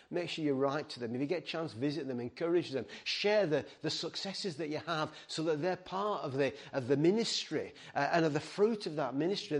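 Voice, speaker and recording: A middle-aged man preaching a sermon, earnest and pleading, stumbling over words and restarting. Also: fairly high pitch. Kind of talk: sermon to a ministry team.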